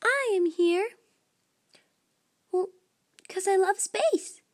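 An eager young female cat astronaut chatters with high, bouncy excitement in a storybook, as a woman puts her on. Her pitch leaps around as she calls out. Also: very slow, heavily acted. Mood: earnest. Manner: bright, excited. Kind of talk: storybook reading.

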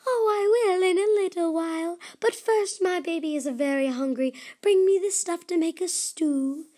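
A woman's voice: extremely high pitch, moderate pace, warm tone, voice pushed up. A woman voicing a fretful young mother in a children's story, earnest and pleading.

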